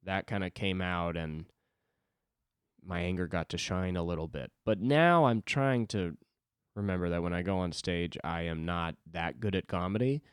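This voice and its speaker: A man with a deep, resonant voice speaks clearly at a moderate pace, recorded in a clean studio with no echo. He's a stand-up comic and podcast host rambling alone at a desk, loose and self-deprecating, swearing freely through a solo podcast monologue.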